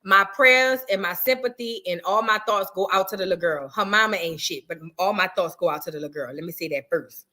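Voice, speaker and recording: A woman's voice: medium pitch, fairly quick, bright, forceful tone. A woman hosting a blunt, profane reaction commentary, full of mocking impressions. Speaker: commentary host.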